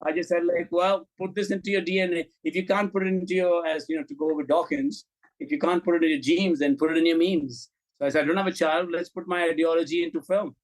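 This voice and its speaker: High-voiced man telling blunt stories. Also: fast, low-quality recording. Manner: animated anecdotes, blunt and profane, acts out quoted dialogue. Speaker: film director, guest. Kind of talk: candid interview storytelling.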